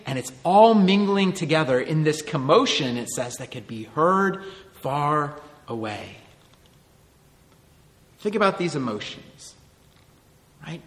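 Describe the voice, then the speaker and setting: Man, 30s, pastor, high voice, earnest conversational sermon, rhetorical questions, long hall reverb. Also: fairly bright tone.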